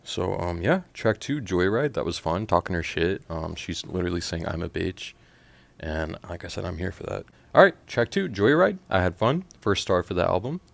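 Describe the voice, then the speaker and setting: A man from Oklahoma casually reacting to a pop album as host, animated and profane, sometimes mumbling and sometimes bursting out loud. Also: deep voice, normal speed, creaky, dry recording.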